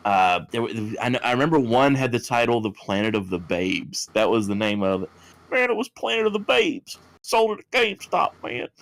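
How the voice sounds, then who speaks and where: A man's voice: medium pitch, sing-song, moderate pace, gravelly, fairly bright tone. A man chatting casually on a podcast in a mid-range voice. He rambles and restarts his sentences often. His delivery is loose and conversational. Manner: rambling, frequent restarts and fillers. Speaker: podcast co-host.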